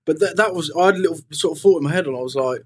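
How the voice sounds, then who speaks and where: A man's voice: a little high, very fast, slightly rough. A man talking frankly as a podcast guest in casual conversation, rambling and swearing freely, with lots of "you know".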